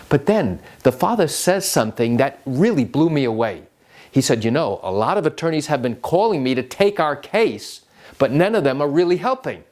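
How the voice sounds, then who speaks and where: A man's voice: mid-range voice, darkish tone. A man who is an attorney, explaining a legal topic straight to the camera in an emphatic way, full of rhetorical questions. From New York.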